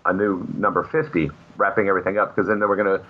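A man with a fairly low voice tells long, meandering anecdotes as a guest in a casual interview. He leans on fillers and restarts as he goes. The recording is dull and muffled. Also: flat delivery, quick pace. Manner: rambling anecdotes with many fillers. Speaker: comic book artist guest. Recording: muffled lo-fi audio.

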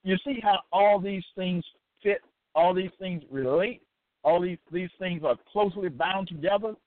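Preacher, man, somewhat high voice, dry phone-like audio, keeps asking rhetorical questions. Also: normal speed, no room sound. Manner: repetitive rhetorical questions, frequent "okay?". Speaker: religious teacher. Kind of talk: preaching lecture. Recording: tinny dry phone-line sound.

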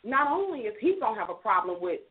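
A woman's voice: fairly high pitch, sing-song, fast. Agreeable co-host woman, tinny line. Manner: affirming, agreeable, chiming in. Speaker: talk show co-host. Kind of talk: advice talk show chat. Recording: tinny phone-like sound.

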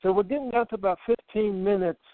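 A man's voice: high voice, fast, no room sound. A man hosting a call-in interview show, easygoing, asking a guest questions. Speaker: radio show host. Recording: dry tinny phone line.

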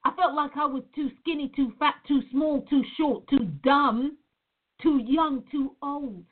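A woman's voice: high voice, fairly even intonation, measured pace. A woman from Nevada, a reflexologist, talking earnestly and reflectively to her viewers as "guys" in a casual spiritual talk. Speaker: reflexologist sharing a personal reflection. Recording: tinny phone-like audio.

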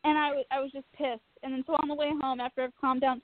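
A woman co-hosting a casual podcast, spinning an animated, self-mocking story with plenty of swearing. Her voice sits a little high and sounds dry and close. It comes through thin and tinny, like a phone line. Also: fast, no room sound. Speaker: podcast co-host.

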